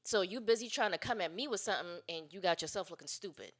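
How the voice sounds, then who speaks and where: A woman's voice: medium pitch, fast talker, a bit bright. A woman on a casual podcast, telling a workplace story in a blunt, profane way. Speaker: podcast co-host.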